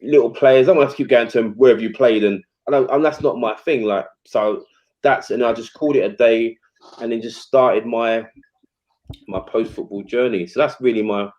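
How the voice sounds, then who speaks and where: A man tells stories from his playing days in a loose, animated way. He acts out other people's lines and piles on fillers. The sound is dull and a little lo-fi. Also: mid-range voice, normal speed. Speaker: former footballer guest. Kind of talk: casual storytelling chat.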